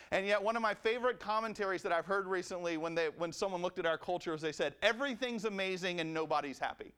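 A man with a notably high, light voice preaches. He swings between emphatic, animated stretches and soft, reflective passages, in the steady cadence of a pastor's sermon.

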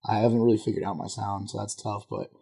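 A young man from the Bay Area, talking in an easy, laid-back way full of slang. His voice sits fairly low and has a dark, mellow tone. It is a casual podcast conversation. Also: flat delivery, fast, husky. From Bay Area, California.

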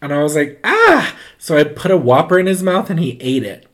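Talking fast in a slightly high voice, a man rambles through a casual story, saying "like" constantly and animatedly doing the voices of the people in it.

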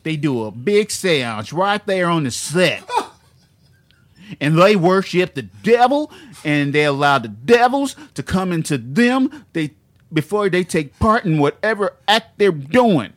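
A man putting on a Southern accent to play a fiery male preacher, slow and booming. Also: very animated. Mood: ranting. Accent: American Southern.

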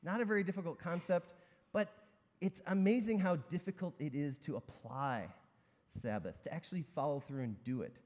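A man's voice: a little high, normal speed, a little mellow. A man preaching a sermon, talking conversationally and telling a story with many fillers. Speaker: pastor. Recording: long reverb in a large hall.

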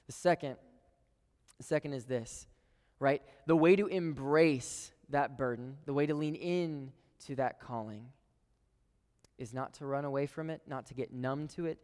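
Preacher with whispers and outbursts, reverberant hall. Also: male voice, medium pitch, measured pace. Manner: swings from loud emphatic lines to hushed whispers; addresses the congregation as "guys". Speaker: pastor. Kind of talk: sermon.

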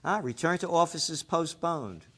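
A man hosting a commentary show, ranting sarcastically with lots of profanity, swinging between shouting and muttering. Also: a little high, expressive, measured pace, husky. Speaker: show host.

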